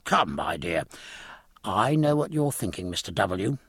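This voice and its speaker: A man's voice: sits low, very animated, measured pace, vocal fry, a bit bright, breathy edge, no room sound, studio quality, full character voice. A man voicing an indignant, scolding married woman who gossips.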